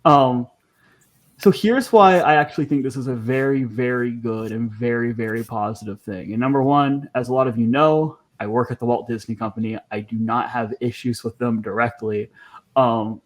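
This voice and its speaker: A man's voice: medium pitch, steady tone, moderate pace. A man hosting a podcast, talking casually and chattily, with frequent ums and restarts. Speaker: podcast host.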